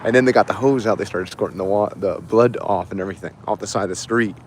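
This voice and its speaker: A somewhat low-voiced man tells a story in an excited, rambling way, full of filler words. He speaks into a phone while standing outdoors on a city street. Faint traffic and street sounds carry in the background. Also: quick pace. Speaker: livestream host. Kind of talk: casual live street storytelling.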